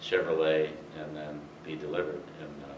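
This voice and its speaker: With a bass voice and flat delivery, an older man tells rambling racing anecdotes to listeners at a moderate pace, dropping in many fillers. The audio is roomy and distant, with a faint hiss.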